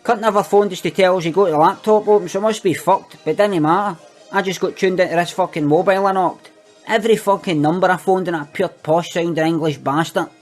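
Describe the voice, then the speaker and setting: A man's voice: sits high, fairly even intonation, fairly quick, soft background music, natural voice. A man playing a young Glaswegian petty thief who boasts about his crimes in sweary street slang. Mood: boastful. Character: cocky young Glasgow petty thief, boastful and foul-mouthed. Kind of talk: comic monologue.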